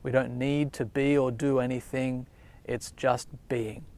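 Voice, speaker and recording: A man calmly explaining a meditation technique, talking gently and reflectively at an unhurried pace. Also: mid-range voice. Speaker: meditation teacher. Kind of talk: calm spoken meditation guidance. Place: outdoors.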